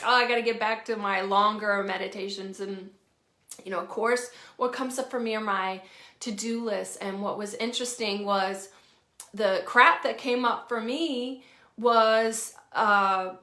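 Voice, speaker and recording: A woman's voice: a little high, fairly even intonation, measured pace, bright, forceful tone. Candid Southern woman in an echoey room. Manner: candid and informal, swears freely, laughs easily. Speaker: healing coach. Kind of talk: casual talk to camera. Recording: roomy echo.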